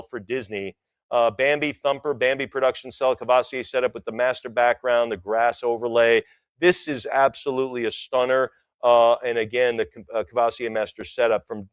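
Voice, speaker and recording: A man's voice: medium pitch, a bit bright, no room sound. Man calling bids at an auction. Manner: rapid rhythmic bid chanting with joking asides.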